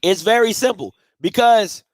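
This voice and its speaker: A man's voice: high-pitched, normal speed, no echo, clean studio sound. A man hosting a postgame sports talk show, emphatic and repetitive as he argues his point. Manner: emphatic, repeats himself, breaks into laughing fits.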